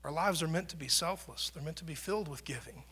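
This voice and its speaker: A male pastor preaching a sermon in a church, conversational, swelling louder and dropping soft for emphasis. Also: on the high side, fast, slightly rough. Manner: conversational preaching, rises and drops in volume for emphasis.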